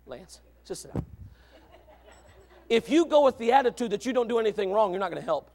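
A man preaching a sermon, jumping between loud shouted lines and low murmured asides, with a gravelly edge to his voice. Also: expressive, quick pace. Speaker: pastor.

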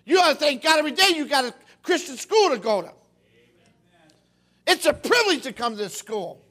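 A middle-aged man preaching a sermon in a folksy, animated way, acting out little quotes. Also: very high voice, a little fast.

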